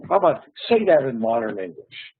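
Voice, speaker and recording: A man's voice: mid-range voice, very animated, brisk, husky. A man teaching an online English lesson, patient and friendly, often repeating his words. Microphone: online call. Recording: tinny phone-like online call.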